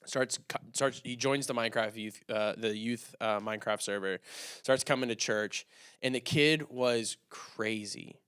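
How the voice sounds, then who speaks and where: Young male podcast co-host, animated storyteller, dry close mic. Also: mid-range voice, measured pace, clean tone, no room sound. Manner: animated, acts out quoted dialogue. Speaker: youth pastor, podcast co-host. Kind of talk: casual storytelling.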